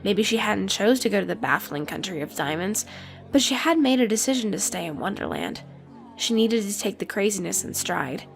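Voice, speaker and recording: Expressive woman narrating an audiobook. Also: medium pitch, moderate pace, gravelly, soft background music. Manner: expressive storytelling.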